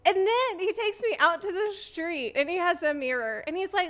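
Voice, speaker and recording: A woman streamer telling a story in casual chat, animated and laughing often, acting out the dialogue she quotes. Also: very high voice, moderate pace, few pauses, soft background music.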